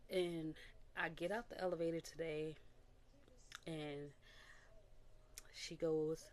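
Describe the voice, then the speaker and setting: A faint hiss or hum sits under this young woman vlogger's deep voice as she speaks slowly, with long pauses. Still, her candid personal testimony is animated, full of acted-out quotes and little laughs in a casual vlog.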